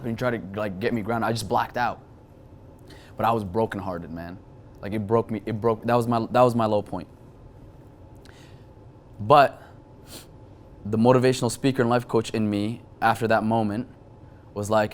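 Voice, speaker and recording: Animated young man telling a story. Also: lowish voice, slight background noise. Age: 20s. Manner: animated, quick bursts with frequent restarts. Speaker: guest. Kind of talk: emotional storytelling in an interview.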